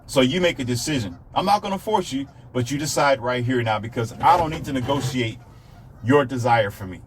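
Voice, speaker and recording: A man's voice: medium pitch, lively intonation, fairly quick, a little hiss or hum. A man delivering a blunt, emphatic monologue of relationship advice, hammering the same points again and again. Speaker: self-published author giving dating advice. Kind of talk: ranting monologue.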